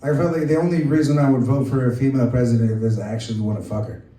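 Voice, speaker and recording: A man's voice: medium pitch, fairly even intonation, rapid-fire, warm tone, reverberant, distant mic. A man in his thirties, a comedian guest, answering bluntly and crudely. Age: 30s.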